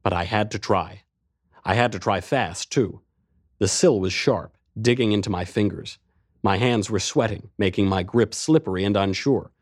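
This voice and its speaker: Low-voiced man narrating a tense story. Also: normal speed, no echo, studio quality. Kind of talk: first-person audiobook narration.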